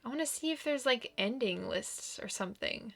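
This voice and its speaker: A woman's voice: a little high, expressive, moderate pace, vocal fry. A woman commenting on her visual novel playthrough, exasperated and exclaiming often. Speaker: let's play gamer.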